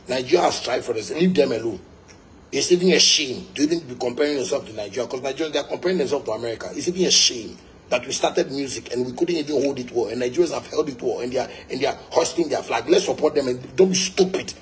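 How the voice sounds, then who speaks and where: A man with a Ghanaian English and Pidgin accent ranting angrily, repeating himself and hurling insults in loud bursts. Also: medium pitch. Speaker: musician ranting. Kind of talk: angry rant.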